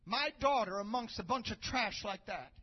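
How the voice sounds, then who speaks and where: A preacher putting on a stern older mother-in-law, yelling at her son-in-law, high voice, kinda muffled lo-fi recording. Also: normal speed, breathy edge. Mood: scolding. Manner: shouting, scolding.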